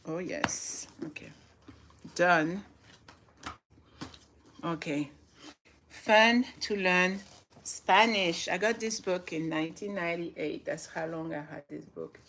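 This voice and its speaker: A woman's voice: lowish voice, slow, creaky, long pauses, a bit bright, a little hiss or hum. A woman in her forties hosting a casual live stream from home, upbeat and motivational, laughing often as she reads and chats. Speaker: livestream host. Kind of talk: casual live chat, reading aloud.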